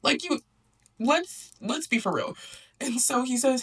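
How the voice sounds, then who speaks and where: A woman's voice: high voice, lively intonation, measured pace, pauses often, fairly bright tone, husky, recorded from a distance. A young woman hosting a book club, recapping a story in a chatty, sarcastic way, often laughing and acting out the characters. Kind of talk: casual book recap and commentary.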